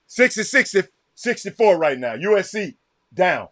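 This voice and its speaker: A man with a Southern American accent hosting a casual livestream, reacting loudly to a game and calling out viewers by name. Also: high voice, normal speed, no echo, clean studio sound. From Texas. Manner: excitable, reacts loudly to a game while chatting; addresses viewers by name, repeats himself. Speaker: livestream host. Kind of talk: casual chat with live viewers.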